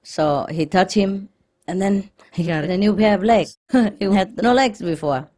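A woman telling jokes to a group in a relaxed, chatty way, laughing often. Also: mid-range voice. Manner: chatty, laughs often, quick back-and-forth. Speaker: lecturer leading a group gathering. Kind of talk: casual joke-telling to a group.

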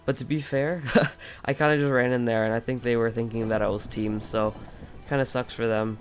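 Over faint background music, a gaming channel host talks fairly quickly in a steady, medium-pitched voice, groggy as though freshly awake. He chats and rambles through commentary on his own play, filling gaps with frequent fillers.

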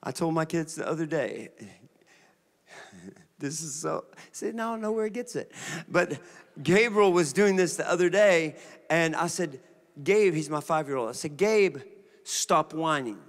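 A man, a pastor preaching a sermon, moving from relaxed storytelling to shouted declarations. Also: a little high, normal speed, pauses often. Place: church sanctuary.

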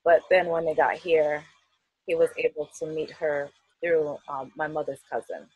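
A woman's voice: low-pitched, steady tone, normal speed, darkish tone, slightly rough, no room sound, low-quality recording. A middle-aged woman with a Queens accent, chatting in a video-call interview, laughing often and using many fillers. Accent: New York, Queens. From United States. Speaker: festival artist guest. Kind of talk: casual interview.

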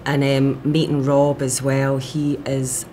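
A woman's voice: very deep voice, monotone, slow pace, dark tone, a little hiss or hum. A woman, an actress, talking eagerly in an interview, quoting her own thoughts as she goes. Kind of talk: press junket interview.

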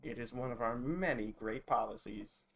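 A man's voice: medium pitch, normal speed, vocal fry, a little hiss or hum, natural voice. Man doing Wendy, twangy store clerk. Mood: polite, scripted. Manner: put-on country twang, formal customer-service phrasing. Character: chipper female general-store clerk, policy-obsessed. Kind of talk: voicing game dialogue aloud on a stream.

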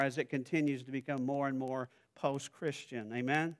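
A middle-aged man from Southern Arkansas with a Southern accent, preaching a sermon in a conversational way that builds to loud, emphatic passages. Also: medium pitch, fairly even intonation, brisk, hardly any pauses, clear, resonant tone. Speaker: pastor.

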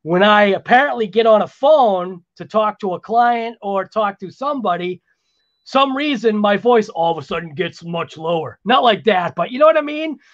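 A man with a fairly high voice talks his way through a video edit in a loose, rambling manner. He drifts into chatty, self-deprecating asides. The sound is a little muffled, like a basic home recording. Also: animated, moderate pace. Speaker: RC hobby channel host. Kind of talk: casual voice-over while editing video.

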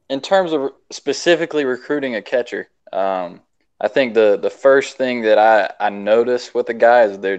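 Smooth low male voice, muffled lo-fi sound. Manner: measured, listing points with fillers. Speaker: assistant baseball coach. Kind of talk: casual interview answer. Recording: dull lo-fi audio.

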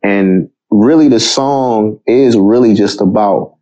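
An American man, a rapper as guest, talking in a laid-back, halting way with many fillers in a casual interview. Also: fairly low pitch, mellow, dull audio. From United States. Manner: laid-back, halting, often says "you know what I'm saying".

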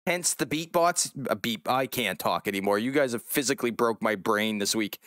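A man's voice: fairly low pitch, moderate pace, fairly bright tone, dry recording, clean studio sound. A man streaming a game live, chatting casually with his viewers, joking and swearing now and then. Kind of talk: casual live-stream chat while gaming.

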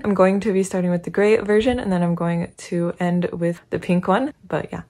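A woman's voice: on the low side, flat delivery, moderate pace, few pauses, a little mellow. Giggly young woman gushing over an unboxing. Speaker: unboxing vlogger. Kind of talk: casual unboxing commentary.

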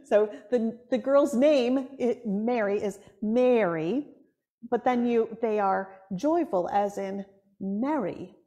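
A high-voiced woman with a Buffalo, New York accent gives a sermon in a somewhat hard, nasal tone. She tells stories in an animated way and laughs often as she preaches. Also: takes it slowly.

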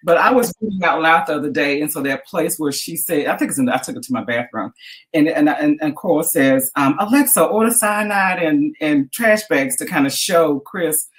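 Animated woman author, chatty storyteller. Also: low-pitched, fairly quick, rough recording. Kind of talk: casual chat and reading from her book.

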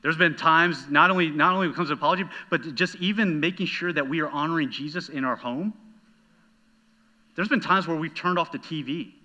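A man preaching a sermon as pastor, telling a personal story in an animated, conversational way. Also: a little high, fairly quick. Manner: animated storytelling, talking straight to the congregation.

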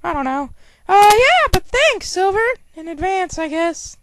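Sonic, as a woman plays him, very high. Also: sing-song, measured pace, noisy background, full character voice. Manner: rambling, full of "you know" and restarts. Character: young male hedgehog, whiny, easily annoyed.

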